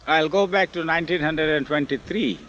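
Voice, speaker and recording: An older man telling memories in an oral history interview, animated and acting out the quoted speech, recorded outdoors on old film. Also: a little high, a little fast, a little hiss or hum. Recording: dull lo-fi 1970s film audio.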